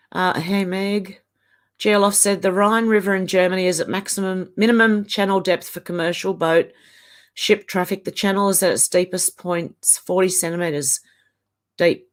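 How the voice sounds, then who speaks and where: An Australian woman in her fifties, hosting a casual live stream and chatting as she reads viewer comments aloud. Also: fairly low pitch.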